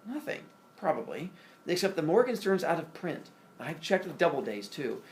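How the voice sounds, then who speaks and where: A man's voice: on the high side, big pitch swings, normal speed, slight background noise, pitched above the performer's own voice. Man reading a curt, suspicious wife. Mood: flat. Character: cool, suspicious wife, a psychiatrist. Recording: roomy room from afar, faint ambience.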